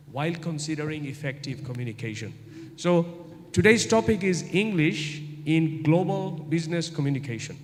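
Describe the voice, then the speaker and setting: A middle-aged man giving a university guest lecture, who asks his audience rhetorical questions and repeats points for emphasis. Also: fairly high pitch. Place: large lecture hall. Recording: echoey hall, faint ambient noise.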